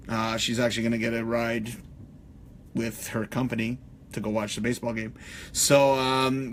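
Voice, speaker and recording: A middle-aged podcast host rambles through a casual live-stream chat at an ordinary middle pitch, swearing freely and leaning heavily on "uh" and "you know." There's slight background noise.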